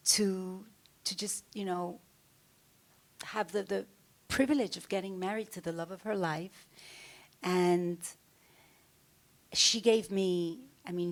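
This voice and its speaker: Gravelly-voiced woman telling stories. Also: lowish voice. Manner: animated, acts out other people's lines in the stories; casual, with fillers and restarts. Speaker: fashion designer giving an onstage interview. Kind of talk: anecdotal storytelling.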